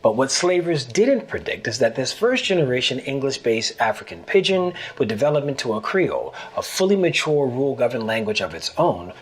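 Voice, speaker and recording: A man with a Gullah Geechee accent talks through a scripted lesson in a measured, earnest way. His pitch rises and falls a lot, and his voice sounds slightly husky. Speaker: guest language teacher. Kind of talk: scripted educational narration.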